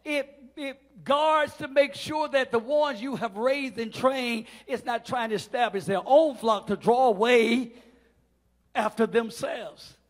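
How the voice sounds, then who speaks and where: A middle-aged man, preaching a call-and-response sermon as pastor in a church, swinging between shouts and quiet asides. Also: very high-pitched, unhurried. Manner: swings from shouting to near-murmur, preacher cadence. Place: church sanctuary.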